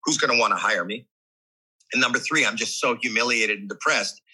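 Middle-aged male guest, husky and forceful, animated storyteller who acts out every quoted voice. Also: medium pitch, brisk, poor audio. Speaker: podcast guest. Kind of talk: candid storytelling.

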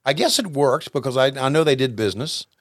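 A man co-hosting a podcast, chatting casually in a jokey, rambling, halting way. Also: medium pitch, lively intonation, no echo, clean studio sound. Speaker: podcast co-host. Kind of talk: casual chat.

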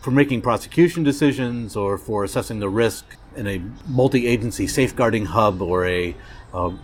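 A man being interviewed as a criminologist in a diner, explaining things in an animated way and acting out little back-and-forth exchanges. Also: lowish voice, normal speed, a little hiss or hum. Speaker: criminologist guest. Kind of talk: casual interview.

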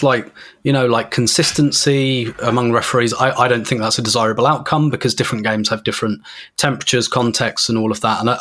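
A man's voice: mid-range voice, fairly bright tone. A man on a football podcast, speaking hesitantly and thinking aloud. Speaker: podcast panelist. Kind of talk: casual podcast discussion.

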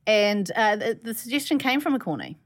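A woman's voice: fairly high pitch, very animated, a little fast. Playful Kiwi woman podcast host. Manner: playful, laughs often. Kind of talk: casual podcast chat.

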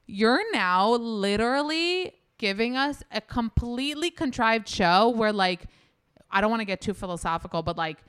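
A woman's voice: on the high side, lively intonation, normal speed, fairly bright tone, clean tone, no room sound. A woman chatting as a podcast guest, candid and profane, with lots of "like" fillers. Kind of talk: casual podcast chat.

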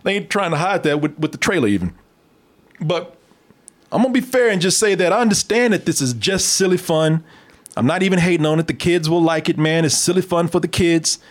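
An animated man with a high voice that climbs and dips all over the place. He hosts a loose, jokey film review and breaks into laughter often. His talk is casual and peppered with swearing. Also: a little fast. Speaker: podcast host reviewing a film. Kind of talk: casual comedic review chat.

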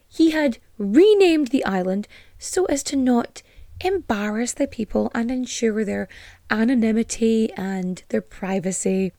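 A woman's voice: fairly high pitch, mellow, no echo, studio quality. A young woman from Ireland, hosting a casual storytelling podcast in a sweary, sarcastic, ranting way. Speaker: podcast host.

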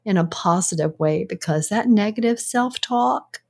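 An older woman co-hosting a casual radio talk show, speaking in a calm, encouraging way. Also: medium pitch, normal speed, gravelly, slightly rough. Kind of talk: casual on-air chat.

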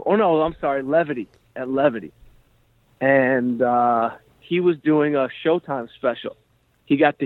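A male comedian and podcast host telling a story in a rambling, animated way, full of "like" and "you know". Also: medium pitch, dry recording. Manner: rambling, animated, heavy use of "like". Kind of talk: casual storytelling chat. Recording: dry tinny phone-like sound.

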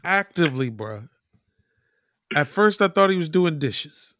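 A man telling a story in casual chat, animated, swearing and mimicking people. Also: on the high side, measured pace, dry recording, studio quality.

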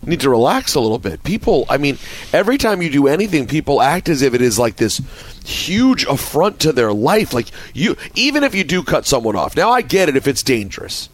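Expressive man in mid-pitch banter. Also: fairly quick, a little hiss or hum. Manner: expressive, probing questions, exasperated asides. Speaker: radio co-host. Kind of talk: casual radio banter.

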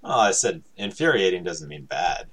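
Brief: man with a very low voice, playful guest, slight background hiss. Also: animated, moderate pace, fairly bright tone. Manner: joking, laughs a lot. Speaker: podcast guest. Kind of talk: casual chat.

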